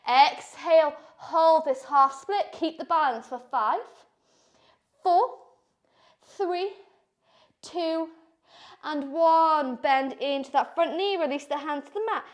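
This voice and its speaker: A woman with a very high voice guides a power yoga flow, calling each breath and pose. She talks slowly and sounds out of breath from moving along with the class. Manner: encouraging cues, slow and breathy while moving. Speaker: yoga instructor.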